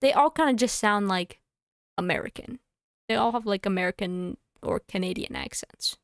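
A woman streamer chatting casually to herself and her audience while playing a game, thinking aloud with quick asides. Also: mid-range voice, creaky, dry recording, studio quality.

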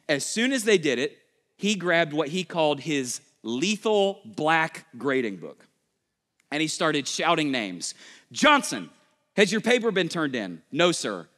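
A male pastor preaches to his congregation in a fairly high voice, moving between quick, urgent bursts and slow, hushed emphasis. His words ring through a large church auditorium with a long reverb. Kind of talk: sermon.

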